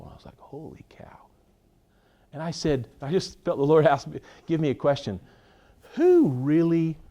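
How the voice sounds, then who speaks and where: A man preaches to his congregation in a voice that sits a little high and swings widely. He teases the crowd and acts out the people in his stories. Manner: animated, playful with the congregation, acts out quoted voices. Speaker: pastor teaching a church session. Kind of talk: sermon.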